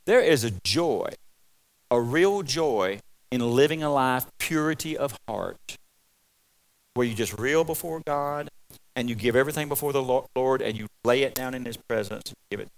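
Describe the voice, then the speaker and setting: A man preaching a folksy, rambling sermon, swinging from loud exclamations to quiet asides. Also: mid-range voice, animated, normal speed. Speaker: pastor.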